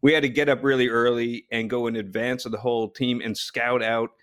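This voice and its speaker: A man from New Jersey telling a long story as a guest, animated, with frequent restarts and laughter. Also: medium pitch, brisk. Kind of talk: casual storytelling.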